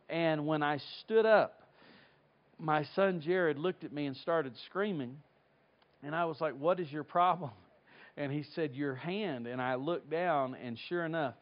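A middle-aged man from North Carolina preaches in a folksy, storytelling manner with animated asides. His voice sits a little higher than most men's. The recording is dull and lo-fi. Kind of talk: sermon with personal story. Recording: dull lo-fi sound.

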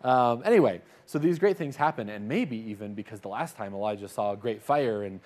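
A man in a middle voice retelling a Bible story. He talks in a relaxed, chatty way. He drops into quick acted-out voices for the characters. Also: mid-range voice. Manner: conversational, retells scripture with little acted-out voices. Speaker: Bible teacher.

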